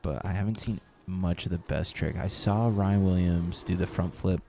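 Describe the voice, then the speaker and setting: A man's voice: sits low, steady tone, normal speed, vocal fry, dark tone, a little hiss or hum. A man casually chatting with live viewers while playing a BMX video game, rambling and reading the chat aloud.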